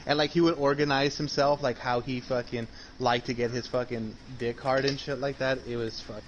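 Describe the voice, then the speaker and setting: A man's voice: medium pitch, level tone, moderate pace, highs cut off, background noise. A man co-hosting a casual podcast chat, swearing and laughing as he rambles. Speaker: podcast co-host.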